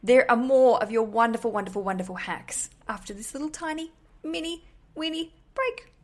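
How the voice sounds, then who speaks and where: A woman's voice: fairly high pitch, lively intonation, a little fast. A young adult woman with an Australian accent, hosting a podcast and telling a story in a chatty, candid way that includes casual swearing. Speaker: podcast host.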